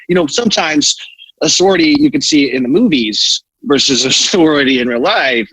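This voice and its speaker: A man's voice: a little high, lively intonation, a little fast, a bit bright, breathy edge, no room sound. A man co-hosting a podcast, chatting casually and throwing in teasing, playful remarks. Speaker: podcast co-host. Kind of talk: casual chat. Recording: dry, dull lo-fi mic.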